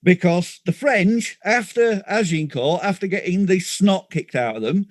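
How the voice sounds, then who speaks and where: A man from Lancashire speaks in a broad northern English accent, his voice sitting fairly high for a man. He tells stories with dry understatement in casual podcast chat. The sound is close and dry, with little room echo. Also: animated, measured pace. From Lancashire, England. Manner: dry storytelling, wry understatement. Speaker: podcast co-host.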